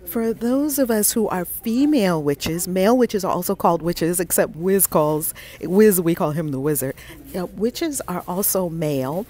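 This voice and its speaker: A woman's voice: on the low side, animated, moderate pace, warm tone. A woman hosting a casual live stream from inside a bookstore, talking to viewers on a handheld phone, effusive and repeating herself as she greets them by name.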